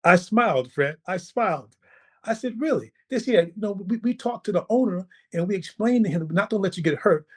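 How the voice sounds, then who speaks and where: A man with a slightly raised pitch tells a story in a casual, lively way. He acts out what others said and keeps checking in with the listener with "right?" and "okay?". He is a guest on a podcast. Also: fairly quick, slightly rough.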